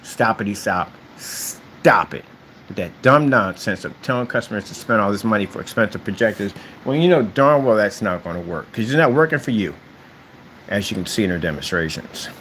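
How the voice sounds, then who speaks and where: A man's voice: fairly low pitch, expressive, a little fast, fairly bright tone, slight background noise. A man who runs a screen paint business, talking casually and boastfully to camera, trash-talking his competitors. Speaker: screen paint company owner. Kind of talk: casual promotional rant to camera.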